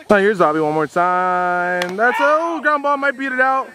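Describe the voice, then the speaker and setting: A man calling softball plays casually and teasing his teammates outdoors. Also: extremely high pitch, normal speed, few pauses, crowd noise. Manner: lively, teasing, urging the ball fair. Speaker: teammate commentating. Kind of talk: casual play-by-play commentary.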